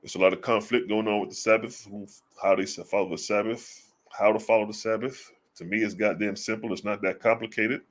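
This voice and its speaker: A man giving casual religious commentary, blunt and profane, firing off rhetorical questions and slowing down to read scripture aloud. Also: fairly low pitch, steady tone. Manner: reads scripture slowly and deliberately.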